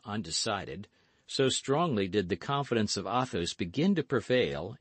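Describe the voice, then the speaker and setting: A man narrating a classic novel as an audiobook, reading slowly and expressively. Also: lowish voice, expressive, dry recording.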